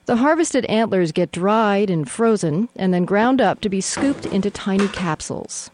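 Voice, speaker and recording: A woman reporter reading a scripted news report in a measured, even way. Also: medium pitch, heavy background noise.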